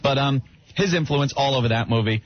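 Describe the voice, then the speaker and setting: A man's voice: mid-range voice, a little hiss or hum. A man hosting a radio show, chatting casually and animatedly about films and laughing often. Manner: animated, laughing, quick to do voices. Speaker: radio host. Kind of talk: casual talk-radio chat. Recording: muffled radio broadcast.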